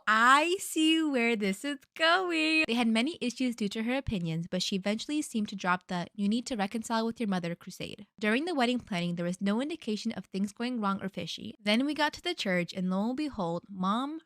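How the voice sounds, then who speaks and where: A woman's voice: mid-range voice, expressive, no echo, studio quality. A woman reading online stories aloud and adding her own blunt, chatty comments. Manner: brisk, chatty, blunt asides. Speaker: storytime narrator. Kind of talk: reading online posts with casual reactions.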